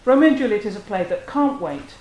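A lecturer talks through a literary analysis in a measured, scholarly way, at a mid-range pitch. The voice rings out in a roomy space, and a faint hiss sits underneath. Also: lively intonation, darkish tone, lo-fi sound. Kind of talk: academic lecture. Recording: roomy echo.

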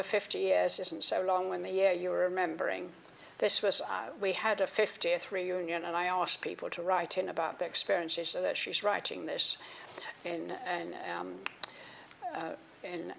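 An older woman with a gravelly, fry-edged voice gives a public talk and reads aloud from her own book. Between passages she breaks off with ums and false starts. Her pitch sits in an ordinary middle range. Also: normal speed, a bit bright. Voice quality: frequent ums and restarts between readings. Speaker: author giving a talk.

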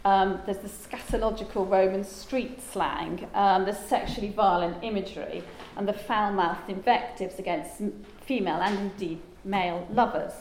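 A woman gives a relaxed, rambling lecture full of asides and filler words. Her voice sits in the middle of the range for a woman. The room is echoey, with a faint hum of ambience behind her. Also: mid-range voice, moderate pace, few pauses. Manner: chatty, digressive, with frequent ums and asides. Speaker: lecturer and translator. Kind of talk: informal lecture.

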